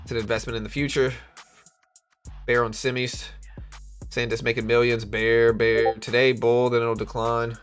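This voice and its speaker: A man's voice: medium pitch, moderate pace, long pauses, smooth, faint music behind. A young man hosting a live trading stream, chatting casually and slangily with his audience and reading their comments aloud. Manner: chatty, slangy, reads chat aloud, animated when joking. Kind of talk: casual livestream chat.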